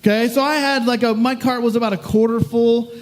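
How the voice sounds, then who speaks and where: A man's voice: very high-pitched, fairly even intonation, brisk. A middle-aged man, a pastor, telling a story in his sermon in a conversational, self-deprecating way.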